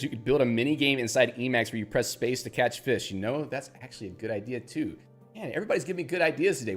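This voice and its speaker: A man hosting a live stream in a casual, joking, self-deprecating way, reading viewer chat aloud. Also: mid-range voice.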